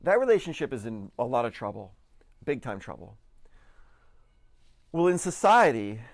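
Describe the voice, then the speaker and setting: A man's voice: mid-range voice, no echo, clean studio sound. A man giving an earnest motivational talk, stumbling over and repeating words as he pushes his point.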